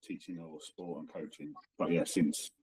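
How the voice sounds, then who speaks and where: A man in his forties from the London suburbs, speaking as an interview guest in a halting way, repeating words and restarting. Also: rumbling low, little pitch movement, a little mellow, husky, rough recording. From suburbs of London, England. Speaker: guest, PE teacher. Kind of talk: casual interview chat.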